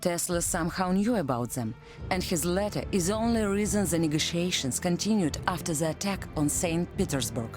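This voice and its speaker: A woman's voice: on the low side, expressive, brisk, music in the background, close to an everyday voice. A woman voicing a determined female covert agent in a video game, speaking in a curt, focused way.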